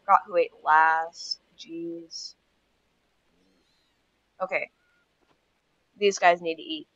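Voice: medium pitch, fairly even intonation, slow pace, a bit bright, dry recording. A gaming host with a stuffy nose, chatting casually through gameplay and getting startled now and then. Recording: dull lo-fi sound.

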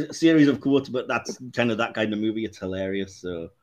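A man's voice: fairly low pitch, a little fast, a little hiss or hum. Chatty man reviewing a film, laughing often. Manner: animated, retells scenes in quoted voices, laughs often. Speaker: podcast host. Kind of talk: casual film review chat.

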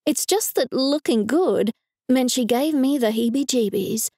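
A woman's voice: high-pitched, unhurried, warm tone, no echo. A woman narrating a cozy mystery novel in the first person, in a wry, dry manner. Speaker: audiobook narrator.

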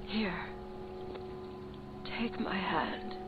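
A woman voicing a haunted, regretful elderly woman in a video game, speaking in a hushed, whispery way. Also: mid-range voice, very slow. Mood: weary. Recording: muffled game audio with noise.

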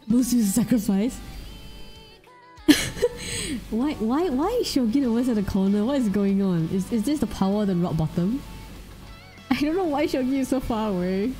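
A woman's voice: medium pitch, warm tone. A woman streamer chatting casually and giggling while commentating a game.

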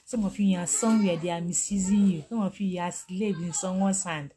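A woman's voice: fairly low pitch, fairly even intonation, fairly quick, mellow, a little hiss or hum. A middle-aged woman teaching on a live stream. She talks emphatically, repeats herself and laughs often. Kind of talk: live-stream motivational talk.

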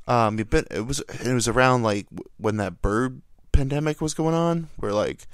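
A man's voice: lowish voice, fairly quick, no room sound, studio quality. A young man hosting a casual solo podcast, rambling and self-deprecating as he jokes about his life. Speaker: podcast host.

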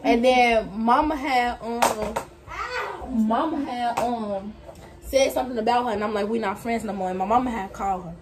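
A woman's voice: on the high side, moderate pace. A young woman, a guest telling her side of the story bluntly, swearing and addressing viewers directly. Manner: blunt, swears freely, talks straight to viewers. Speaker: guest friend. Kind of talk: casual storytelling chat.

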